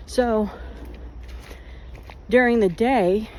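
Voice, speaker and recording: Warm and unhurried, this medium-pitched voice keeps a fairly even intonation over slight background noise. A vlogger walking outdoors rambles through casual stories at his own expense.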